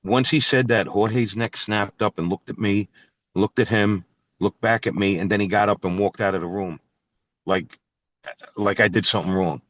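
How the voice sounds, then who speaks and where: A man's voice: fairly low pitch, fairly even intonation, moderate pace, a bit bright, highs cut off. A man, a guitarist guest, telling stories in a blunt, profane, ranting way in a casual interview.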